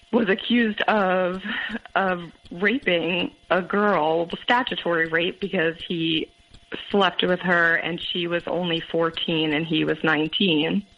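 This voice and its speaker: A woman recounting her past relationship as a podcast guest, halting and full of fillers. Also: on the low side, muffled recording. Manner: halting, many fillers and restarts. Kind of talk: personal story in interview.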